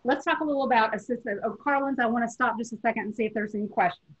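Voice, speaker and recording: Southern woman, Tennessee-raised, teacher educator lecturing on a webinar; husky, measured delivery, muffled lo-fi call audio. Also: fairly high pitch. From Tennessee, USA. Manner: measured, explanatory, addresses teachers directly.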